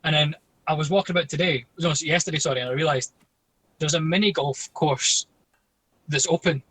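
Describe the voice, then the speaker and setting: Man, bright forceful voice, slightly higher pitch, rambling guest chat. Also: fairly even intonation, a little fast, husky, poor audio. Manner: rambling, hesitant, with fillers. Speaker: podcast guest. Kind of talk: casual chat.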